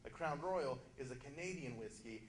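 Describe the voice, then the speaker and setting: A man doing a loud, punchy stand-up comedy set in a club, slipping into quick character voices. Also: medium pitch, animated. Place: comedy club stage before a live audience. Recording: echoey room, loud crowd laughter.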